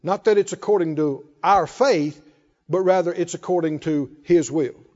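A man's voice: fairly high pitch, moderate pace, darkish tone. A man preaching a sermon in a folksy way, calling out to the congregation. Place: church hall. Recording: muffled hall reverb.

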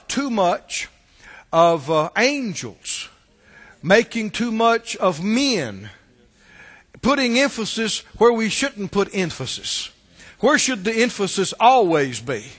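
A man preaching a sermon, his delivery swelling into emphatic shouts and dropping to hushed asides. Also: sits high, big pitch swings, slow. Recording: long hall reverb.

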